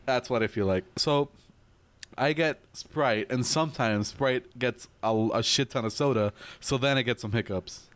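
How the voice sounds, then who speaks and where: A young man in casual chat, an animated storyteller who laughs and swears a lot. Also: medium pitch, normal speed, clean tone. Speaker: podcast co-host.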